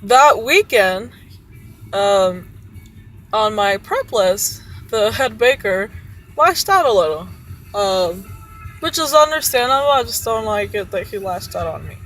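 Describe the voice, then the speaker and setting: A woman's voice: mid-range voice, animated, unhurried, a bit bright, low-quality recording. Woman, cook, frustrated, venting, cursing, faint music behind. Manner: frustrated, swears often. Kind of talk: venting about work.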